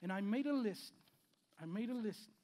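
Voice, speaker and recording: A pastor in his fifties preaches with a high voice for a man. He swings between loud, emphatic lines and quiet asides, and he repeats key phrases as he goes. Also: expressive, moderate pace. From Spanish-speaking background. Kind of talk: sermon. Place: church sanctuary.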